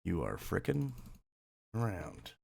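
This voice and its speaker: A man's voice: low-pitched, huge pitch swings, slow, gravelly, darkish tone. A man streaming live, joking and teasing his chat in a casual way.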